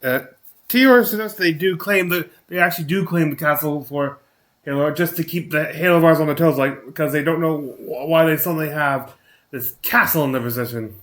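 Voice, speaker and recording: A man giving a casual recap of a tabletop game. He gropes for words, restarting often, with a voice set slightly high. His delivery is loose and unscripted. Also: a bit bright. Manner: halting, many restarts and fillers. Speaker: recap host.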